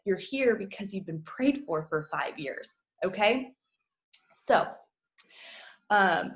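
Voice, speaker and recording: Over a video call from home, a team coach in her thirties gives her team a heartfelt pep talk. Her voice sits at an ordinary middle pitch, and she speaks casually with fillers, earnest and emotional, choking up close to tears at times.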